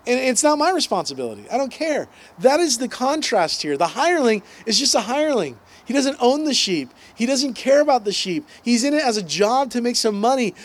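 A man, preaching a conversational sermon with asides and acted-out quotes. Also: extremely high pitch. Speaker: pastor.

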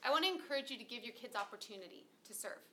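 A woman's voice: a little high, very fast, a little hiss or hum. A woman in her thirties talking casually and animatedly about church life and her kids, often acting out what people said. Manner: animated, acts out quoted voices. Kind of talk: casual conversational talk.

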